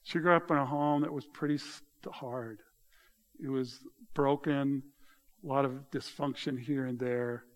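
A middle-aged man preaching a sermon, animated and often exclaiming with mocking asides. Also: mid-range voice, unhurried. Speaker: pastor.

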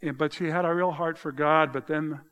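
A middle-aged man preaching a sermon, animated and often exclaiming with mocking asides. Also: a little high, moderate pace. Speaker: pastor.

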